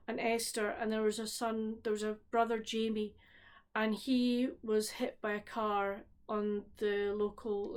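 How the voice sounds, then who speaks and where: A Scottish woman talks to her camera in a loose, conversational way, her voice sitting a little higher than most. She wanders through her thoughts, stopping mid-sentence and starting again, as a home book vlogger catching up with her viewers. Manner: rambling, breaks off and restarts sentences. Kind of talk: casual chat. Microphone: solo camera recording at home.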